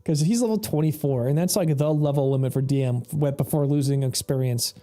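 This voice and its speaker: A man's voice: fairly high pitch, fairly quick, dark tone. Laid-back rambling man streaming a game. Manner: rambling, laughs often, swears freely. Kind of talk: casual gameplay commentary.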